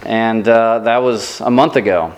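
A man preaching a sermon as pastor, telling self-deprecating stories in a lively, animated way. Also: fairly low pitch, measured pace, in a large hall.

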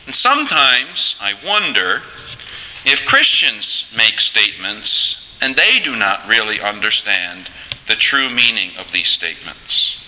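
A man preaching a sermon in a measured, earnest way, turning to address listeners directly. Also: medium pitch, sharp tone, long reverb tail, rough recording.

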